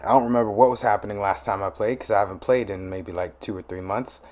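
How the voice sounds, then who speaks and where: A man's voice: fairly low pitch, steady tone, fast talker, a little mellow. A man hosting a gaming channel, with laid-back, chatty and joking casual commentary.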